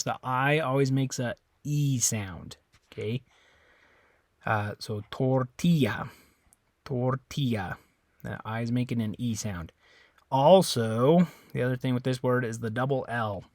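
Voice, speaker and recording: A man teaching in a casual, informal way, repeating words slowly and often correcting himself. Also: medium pitch, no room sound. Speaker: Spanish teacher. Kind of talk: informal classroom explanation.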